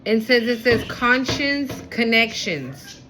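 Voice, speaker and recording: A woman with a fairly high voice gives a spiritual card reading from home, talking straight to the viewer. She is earnest and emotional, and she drifts into Spanish mid-sentence. A faint hiss sits under the recording. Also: sing-song, slow. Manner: switches into Spanish at times.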